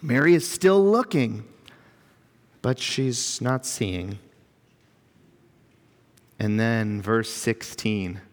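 Slow, earnest male pastor preaching. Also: medium pitch. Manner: reflective, earnest, builds emphasis through lists. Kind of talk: sermon. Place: church. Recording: long reverb of a church hall.

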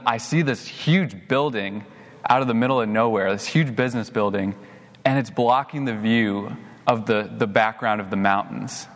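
A young adult man preaching a sermon as a pastor, telling a personal story and getting animated when he quotes himself. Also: medium pitch, in a large hall.

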